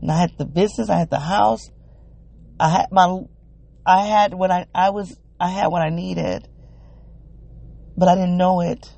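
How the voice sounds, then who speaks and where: A woman hosting a solo wellness podcast, thinking aloud in a halting, searching, emotionally open way. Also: lowish voice, steady tone, gravelly, mellow, no room sound. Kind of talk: reflective solo podcast monologue.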